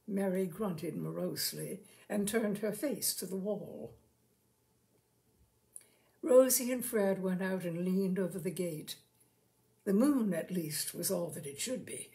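Woman narrator for a short-story reading; slow, measured, even-toned delivery. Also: lowish voice, creaky. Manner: slow, measured delivery, lifting her voice for quoted lines. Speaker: storyteller reading fiction aloud. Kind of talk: unhurried literary reading with acted dialogue.

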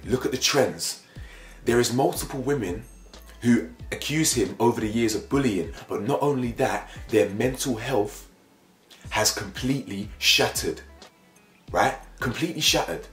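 Emphatic man in an echoey room. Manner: animated, emphatic, repeats phrases for emphasis, jumps up in pitch when worked up. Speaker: YouTube commentator. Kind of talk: opinion commentary vlog. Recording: echoey room with faint music bed.

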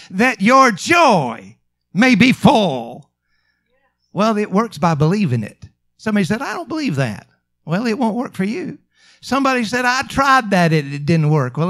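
A man preaching a sermon, drawing out some phrases slowly and rising to emphatic calls. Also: high-pitched. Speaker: pastor.

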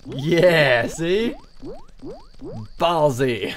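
Excitable man taunting through a game. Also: a little high, drawn-out words, faint music behind. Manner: excitable, taunting enemies aloud. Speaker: gaming channel host. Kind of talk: let's play commentary.

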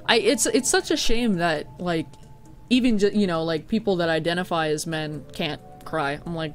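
A man's voice: high-pitched, very animated, a little fast, soft background music. Rambling, laughing game streamer, a man. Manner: rambling, many "like" fillers, frequent swearing, laughs easily. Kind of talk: casual gameplay commentary, chatting with viewers.

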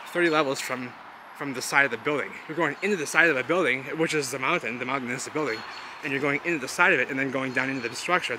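An excitable man with a mid-range voice narrates a casual outdoor vlog, rambling, repeating phrases and calling the viewer "baby." His camera mic picks up clear outdoor ambience and traffic behind him, giving it a noisy handheld sound. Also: medium pitch. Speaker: vlogger exploring urban ruins. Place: outdoors in a wooded city lot.

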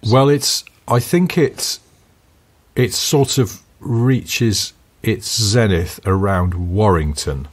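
A man's voice: fairly low pitch, takes it slowly, slightly rough. A man from northwest England co-hosting a podcast, chatting casually with joking, teasing banter. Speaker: podcast co-host. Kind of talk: casual chat.

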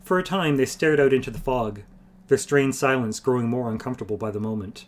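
Man steadily narrating a fantasy novel. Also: medium pitch. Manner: steady, measured storytelling. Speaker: streamer reading a fantasy novel aloud. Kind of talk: audiobook-style narration.

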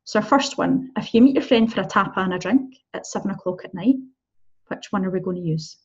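A woman leads a recorded beginner lesson in a friendly, chatty tone, often checking in with her learners. Her voice sits at a middle pitch with a husky edge. The recording sounds slightly dull and lo-fi. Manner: encouraging, chatty, slow model pronunciations with checks like "okay?". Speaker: Spanish teacher. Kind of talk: recorded online language lesson.

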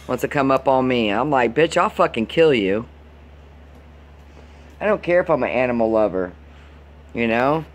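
A Florida man vlogging to the camera rants angrily, swearing nonstop and sounding thoroughly fed up. His voice is medium in pitch with a fairly bright tone, and his complaining is heated, profane and exasperated.

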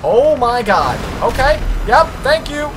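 A young man excitedly shouting and joking as he comments on online gameplay with friends. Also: very high voice, unhurried. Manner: excitable, frequent exclamations and shouts. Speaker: gaming channel host. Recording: music playing underneath.

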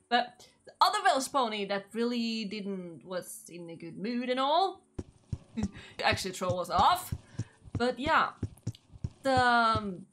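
Gushing woman gamer, lively high voice. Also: slight background noise. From Norway. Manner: gushing and chatty, talks to her horse. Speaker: gaming channel host. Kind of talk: casual gameplay commentary.

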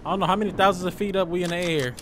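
A young man giving joking, loud let's-play commentary, full of slang as he reacts to the game. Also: high voice, steady tone, rapid-fire, a little hiss or hum. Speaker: gaming streamer.

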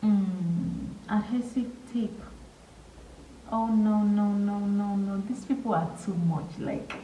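A woman hosting a reaction video, exclaiming with excitement and earnest emotion as she watches. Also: mid-range voice, slow pace, recorded from a distance, muffled recording, slight background noise. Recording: echoey room, voice a bit off-mic, faint music.

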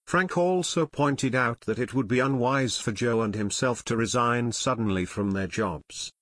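Steady male audiobook narrator, dry. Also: mid-range voice, unhurried, few pauses, no room sound. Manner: steady, even storytelling. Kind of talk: scripted narration.

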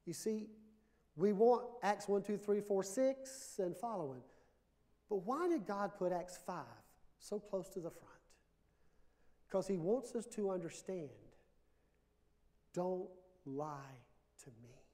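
A male pastor preaching a sermon, emphatic and building to drawn-out declarations. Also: high voice, lively intonation, mellow. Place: church sanctuary. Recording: reverberant church hall.

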